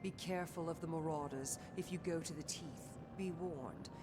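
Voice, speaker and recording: A woman's voice: deep voice, normal speed, background noise, natural voice. An actress playing a stern female city guard in a video game, speaking in a clipped way.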